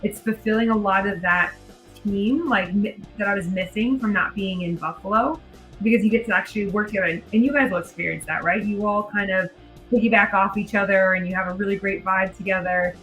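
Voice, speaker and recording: A woman's voice: mid-range voice, fairly even intonation, fairly quick, a bit bright, soft background music, poor audio. Bubbly woman guest, laughing often. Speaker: podcast guest, American football coach. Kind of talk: casual chat.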